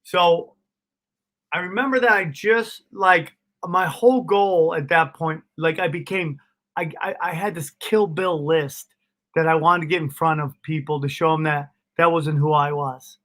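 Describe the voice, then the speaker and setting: A middle-aged man, a comedian guest, telling stories in a casual interview, animated and swearing freely, calling people dude and bro. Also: a little high, unhurried.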